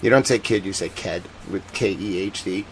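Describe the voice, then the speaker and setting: A man with a Boston accent hosting a casual live stream about war footage, chatting with viewers and turning soft and earnest on serious points. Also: fairly low pitch, a little fast, slight background noise, rough recording. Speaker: live-stream news host.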